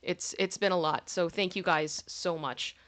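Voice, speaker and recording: Woman, livestream host, bright tone, chatty and thankful, casual delivery. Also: on the low side, fairly even intonation, measured pace. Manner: chatty, thanks viewers by name, gets giggly.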